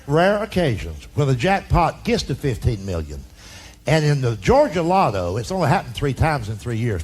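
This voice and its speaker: A man's voice: a little high, a little hiss or hum. A man, an older stand-up comedian telling folksy stories on stage and acting out relatives in drawling voices. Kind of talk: storytelling stand-up. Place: comedy stage before a laughing audience.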